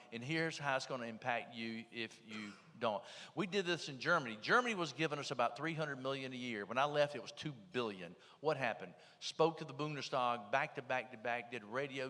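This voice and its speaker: A man's voice: mid-range voice, sharp tone, long reverb tail. A man with a Southern US accent telling stories at a panel in a plainspoken, emphatic way. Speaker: panel speaker. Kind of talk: folksy storytelling.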